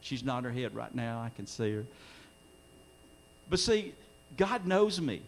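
A man's voice: mid-range voice, sing-song, measured pace, gravelly, slight background noise. A middle-aged man preaching a sermon in a church, earnest, his voice swelling when he quotes scripture. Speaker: pastor. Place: church sanctuary during a live-streamed service.

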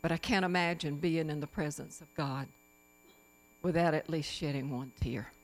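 A woman's voice: deep voice, fairly even intonation, normal speed. A woman addressing a church congregation in a spirited, exclamatory testimony full of praise.

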